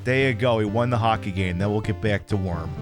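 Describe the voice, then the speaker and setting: A man's voice: fairly low pitch, a little fast, music in the background. A man streaming a video game, trash-talking the opponents with lots of swearing. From United States. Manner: trash-talking, profane, excitable. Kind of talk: live gameplay commentary.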